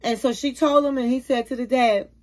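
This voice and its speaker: In a high, steady voice and at a brisk clip, a woman who reviews reality TV on YouTube chats through a casual recap of a show. She calls her viewers queens, honey and baby as she comments.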